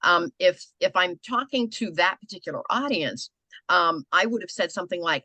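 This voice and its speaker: An older American woman coaching a group on business pitches, conversational and animated. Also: normal speed, no echo. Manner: conversational, animated, acts out quoted people.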